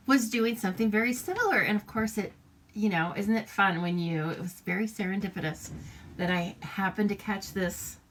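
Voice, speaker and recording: With a lowish but fairly bright voice, this woman from the United States talks her way through a live papercraft session. She calls out viewers by name and laughs often, keeping the demonstration casual.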